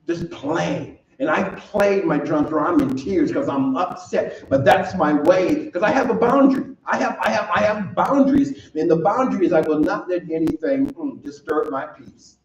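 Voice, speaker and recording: A man's voice: a little high, moderate pace, few pauses. A man preaching a sermon to his congregation, earnest, repeating phrases for emphasis and laughing easily. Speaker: minister. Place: church sanctuary. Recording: roomy, distant, slightly dull recording.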